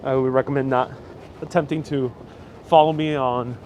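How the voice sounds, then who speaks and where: A man's voice: mid-range voice, steady tone, normal speed, a little mellow. Walking-tour host, man, casual rambling chatter to live viewers, lapel mic outdoors with light street noise. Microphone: wireless lapel mic.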